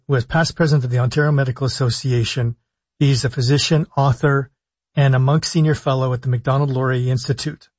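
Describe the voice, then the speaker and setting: A man, a physician hosting a call-in radio health talk show, speaking deliberately and stressing his points as he lists things one by one. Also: medium pitch, a little mellow, no echo. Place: radio studio. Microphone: studio broadcast mic. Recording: dull lo-fi radio sound.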